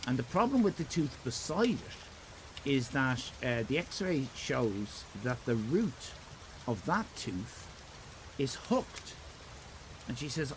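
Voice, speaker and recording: A man's voice: medium pitch, sing-song, a little slow, slight background noise, poor audio. A middle-aged Irish man streaming live, rambling and self-mocking in casual chat with his viewers. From Ireland.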